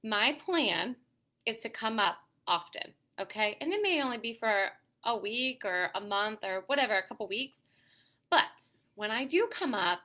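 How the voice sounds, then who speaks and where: A woman's voice: fairly high pitch, lively intonation, moderate pace, pushed and bright. A woman hosting a casual livestream for moms, chatty and encouraging, reading out viewer comments. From Pittsburgh area, USA. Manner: chatty and encouraging, often adds "okay?" and "you know". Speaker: host of a mom community livestream.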